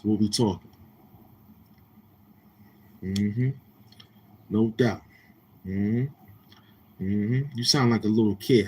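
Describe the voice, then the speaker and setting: Brash low-voiced New York man. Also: takes it slowly, long pauses, a little mellow, slight background noise. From Queens, New York. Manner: brash, profane, confrontational. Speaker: livestream host. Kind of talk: casual livestream chat with viewers.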